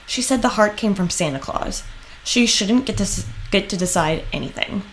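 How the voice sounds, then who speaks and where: A young woman co-hosts a TV recap podcast with a lively, swinging pitch. She sounds exasperated and mimics the characters in mock voices. A faint room hum sits behind her. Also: moderate pace. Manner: animated, exasperated, acts out lines in mock voices. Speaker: podcast co-host. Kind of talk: casual recap chat.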